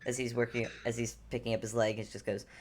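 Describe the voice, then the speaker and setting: A woman with a strikingly deep voice narrates a tabletop game as game master. She tells the scene in an animated, descriptive way and often corrects herself mid-sentence. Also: fast.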